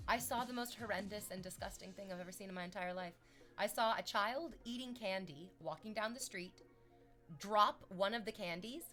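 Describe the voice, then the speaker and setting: A woman's voice: mid-range voice, bright, forceful tone. A woman streamer chatting casually and sarcastically, reading chat messages aloud.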